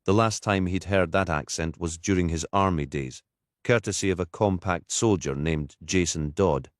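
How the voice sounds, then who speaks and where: A man reading a crime novel aloud in steady, scripted audiobook narration. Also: low-pitched, moderate pace, dry recording, clean studio sound.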